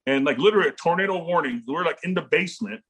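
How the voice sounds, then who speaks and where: A former football player in his forties is the guest in a relaxed storytelling interview, his voice racing, gravelly, husky, fairly bright, and on the high side. He recounts tales with lots of energy, performing quotes and laughing frequently.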